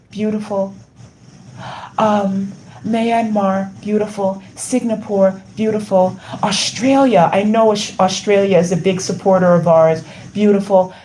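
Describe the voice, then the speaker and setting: A woman's voice: medium pitch, mellow, a little hiss or hum. A woman from the United States hosting a casual livestream, effusive and rambling, with lots of ums as she reads the chat. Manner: effusive, rambling with many fillers. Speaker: livestream host.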